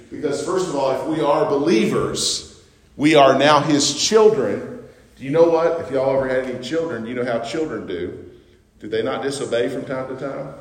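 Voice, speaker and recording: A man's voice: medium pitch, a little mellow. A man preaching an earnest, emphatic sermon, restarting phrases as he presses his point. His voice rings through a big, echoing church hall with a long reverb tail. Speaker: pastor. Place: church sanctuary.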